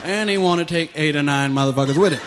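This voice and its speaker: A man doing a stand-up routine, telling profane stories loudly and laughing along with his own jokes. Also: on the high side, fast talker. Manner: loud, profane storytelling that keeps breaking into laughter. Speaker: stand-up comedian. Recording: noisy live recording.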